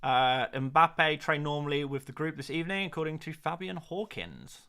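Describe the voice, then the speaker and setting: A man chats casually on a live stream, joking with viewers and muttering to himself between points. His voice is bright, fairly high, and swings widely in pitch. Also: lively intonation, normal speed. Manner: chatty, jokey, muttering asides. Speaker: streamer host.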